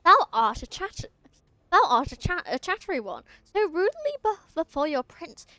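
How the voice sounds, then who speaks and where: A woman voicing a haughty young male vampire prince who speaks in pompous, old-fashioned thee-and-thou phrasing, read slowly from a game. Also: sits high, very animated, pushed and bright, no room sound, exaggerated voice.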